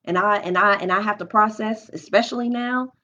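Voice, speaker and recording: A young woman live streams from home, candidly and emotionally recounting her experiences and frequently restarting as she thinks aloud. She speaks a little fast in a mid-range voice with fairly even intonation and a bright, forceful tone. The audio is dull and lo-fi.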